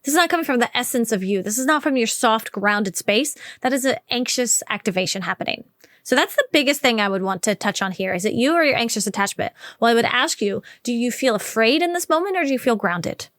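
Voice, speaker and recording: A woman hosts an advice podcast in a direct, conversational way and draws out key words slowly for emphasis. Her voice sits a little high. The sound is dry and close, with no room around it. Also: lively intonation, no echo. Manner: warm, direct, conversational with slow emphatic stretches. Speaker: podcast host. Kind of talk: solo podcast advice talk.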